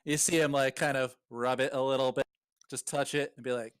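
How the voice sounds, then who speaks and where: A man's voice: medium pitch, steady tone, fairly quick, clean tone, dry recording, clean studio sound. A man narrating as game master of a tabletop role-playing game, describing scenes casually. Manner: casual, descriptive, chuckles often.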